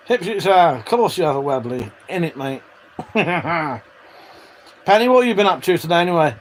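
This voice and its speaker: Male streamer, fairly high voice, loose and sweary, faint hiss behind. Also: low-quality recording. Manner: chatty, swears freely, laughs often. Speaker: livestream host reading chat. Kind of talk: casual live-stream chat.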